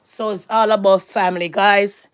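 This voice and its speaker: A woman's voice: mid-range voice, fairly even intonation, moderate pace, clean tone. A woman chatting casually to her viewers as she walks through her home and backyard garden, filming on a handheld phone and calling out to them again and again. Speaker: vlogger. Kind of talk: casual vlog chat.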